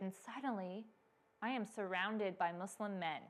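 A young American woman, a missionary, telling faith stories to a church audience in a lively storytelling manner with many fillers. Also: medium pitch, moderate pace. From United States. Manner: animated storytelling with frequent fillers. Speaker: missionary speaker.

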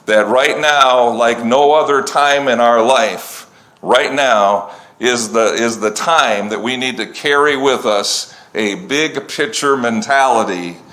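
A man's voice: mid-range voice, a bit bright. A man preaching a sermon, reading scripture at length and breaking off into conversational asides. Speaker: pastor.

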